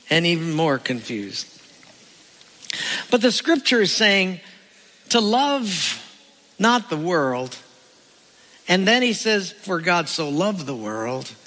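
High, lively-voiced preacher in a hall. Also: male voice, slow, long pauses. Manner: animated, rhetorical questions, acts out quoted voices. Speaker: pastor. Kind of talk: sermon with jokes. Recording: reverberant hall.

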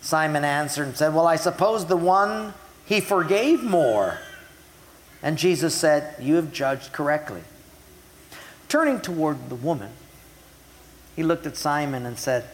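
A pastor preaching a sermon, retelling scripture in everyday words and slowing down to stress key points. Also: male voice, a little high, expressive, long reverb tail. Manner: retells scripture in a casual way, slows down for emphasis.

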